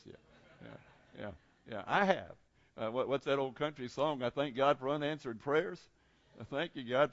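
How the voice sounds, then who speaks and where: A male pastor preaching a sermon, emphatic and repetitive, often restarting his sentences and swinging between loud and soft. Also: mid-range voice, no echo, lo-fi sound.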